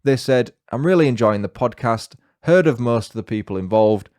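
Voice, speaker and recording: A man with a northern English accent hosting a podcast, narrating in a measured, scripted way with dry, wry asides. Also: medium pitch, lively intonation, a little mellow, dry recording. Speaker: podcast host. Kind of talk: scripted true-crime narration.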